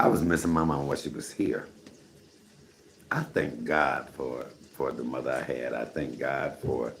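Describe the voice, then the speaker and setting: A man in his fifties with an extremely deep, gravelly voice rambles to the camera in a casual home vlog. His delivery swings widely and lively, and he keeps coming back to the same catchphrases. A faint hiss of noise sits under the recording. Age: 50s. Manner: animated, repeats "come on, somebody". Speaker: vlogger. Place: home apartment, indoors, cooking. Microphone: camera mic.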